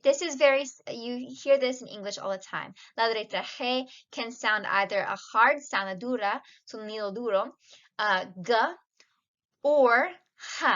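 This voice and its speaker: Bright-voiced woman teaching Spanish sounds. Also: medium pitch, muffled recording. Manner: explains patiently, slips Spanish words into English. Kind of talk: casual video lesson.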